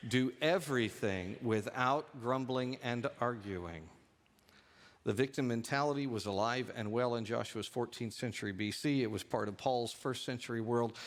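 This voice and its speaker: A male pastor preaching a sermon in a church, talking animatedly and lifting his voice for asides and quoted lines. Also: medium pitch. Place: church sanctuary.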